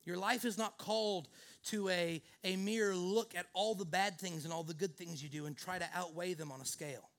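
A man's voice: high voice, fairly even intonation, moderate pace, fairly bright tone. A male pastor preaching a sermon in an earnest way, leaning often on the word "actually".

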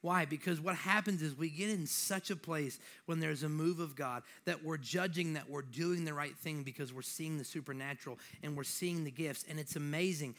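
A man's voice: on the high side, fairly bright tone. Young male preacher with a slight lisp. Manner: conversational, joking, building to emphatic exhortation. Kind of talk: sermon.

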